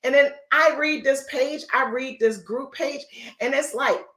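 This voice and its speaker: A woman's voice: high voice, measured pace, a bit bright. Emphatic woman coach in an echoey room. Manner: emphatic, repetitive, preachy, folksy. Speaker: real estate coach. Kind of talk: motivational live-stream talk.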